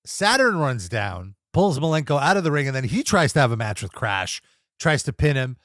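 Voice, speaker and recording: A young man talks through a wrestling recap in a casual podcast voice, his pitch swinging up and down as he gets excited. He laughs a lot and drops into quick impressions of wrestlers and announcers. The sound is close and dry, with no room around it. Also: no room sound. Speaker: co-host reviewing wrestling episodes.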